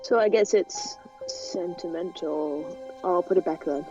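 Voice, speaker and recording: A woman playing in a tabletop role-playing game, lively and quick to swear. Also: lowish voice, music in the background. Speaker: player. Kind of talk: casual tabletop game play. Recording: dull lo-fi mic.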